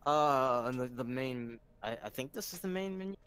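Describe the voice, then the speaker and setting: Excitable young man chatting about games. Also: medium pitch, normal speed, clear, resonant tone. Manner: excitable, swears, calls everyone dude. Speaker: stream co-host. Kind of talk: casual gaming chat.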